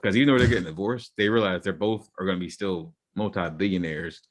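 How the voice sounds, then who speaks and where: A man's voice: deep voice, fast talker. A young man co-hosting a casual podcast, arguing his points and laying out theories, often repeating himself. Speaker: podcast co-host.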